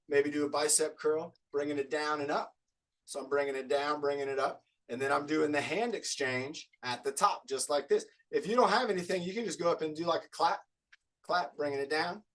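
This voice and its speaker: A man's voice: a little high, a bit bright. Upbeat fitness coach man counting reps. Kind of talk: live online group fitness class.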